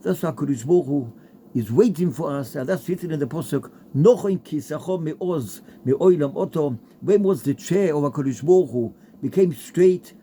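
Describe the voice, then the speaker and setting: A man's voice: fairly high pitch, moderate pace, dark tone, a little hiss or hum. A man giving a heartfelt Torah talk with a story, mixing in Hebrew and Yiddish terms. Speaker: Torah speaker.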